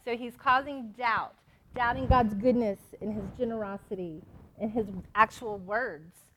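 A woman leads a Bible lesson, reading scripture and then unpacking it in an emphatic, conversational way. Her voice is bright and sits somewhat high. She stumbles and restarts now and then as she explains. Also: a little slow, a little hiss or hum. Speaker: Bible study teacher.

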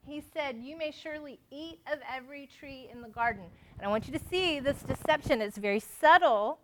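A woman's voice: sits high, fairly quick, a little hiss or hum. A woman teaching a Bible study, reading verses aloud and explaining them with emphatic, conversational asides. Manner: explaining, emphatic, with fillers and restarts. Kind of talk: spoken scripture lesson.

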